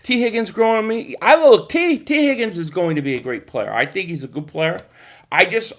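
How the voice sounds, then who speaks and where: A man hosting a casual sports livestream, talking straight to viewers, animated and swearing freely. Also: high voice. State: groggy from a nap. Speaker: livestream host reading chat.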